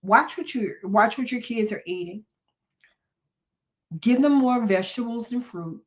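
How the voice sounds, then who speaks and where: A woman's voice: on the high side, measured pace. An older woman hosting a talk about mental health, speaking earnestly and preaching a little, with frequent "um"s and restarts. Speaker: podcast host and therapist. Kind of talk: unscripted motivational talk.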